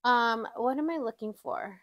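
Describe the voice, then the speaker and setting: A woman vlogging at home, counting cash out loud and exclaiming often, calling her viewers "y'all". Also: a little high, unhurried. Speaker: budgeting vlogger. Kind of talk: casual chat while counting cash.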